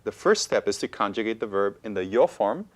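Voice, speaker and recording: A man's voice: on the low side, animated, fairly quick. A man co-hosting a bilingual Spanish lesson for college television, patiently walking through the rules and checking in with "okay?". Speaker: Spanish teacher, co-host.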